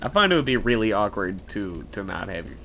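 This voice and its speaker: A young man rambles casually over a trucking game, sarcastic and foul-mouthed, with frequent laughs. His voice is bright and forward, and his pitch swings widely as he talks, with faint music underneath. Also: sing-song, brisk. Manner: rambling, sarcastic, swears a lot, laughs often. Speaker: gaming YouTuber.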